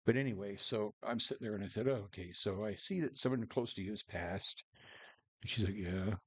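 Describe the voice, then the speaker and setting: A man's voice: fairly low pitch, a little fast, breathy edge, dry recording. A man telling a true story in a casual, rambling way, restarting sentences and acting out what people said. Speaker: storyteller vlogger.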